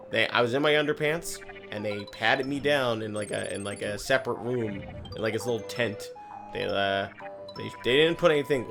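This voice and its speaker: His voice is fairly low, gravelly, and a bit bright as he rambles casually through a story mid-game. Constant "like" fillers and frequent swearing mark this gaming video host's talk.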